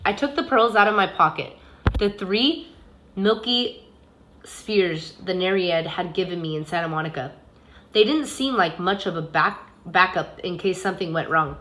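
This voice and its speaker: Bright-voiced woman reading a novel aloud. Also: on the low side, moderate pace. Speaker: teacher.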